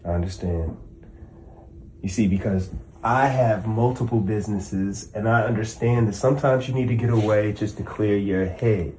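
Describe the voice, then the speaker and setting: Deep-voiced husband, as a man plays him in a roomy skit clip. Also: moderate pace, darkish tone, natural voice. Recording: roomy clip with background noise.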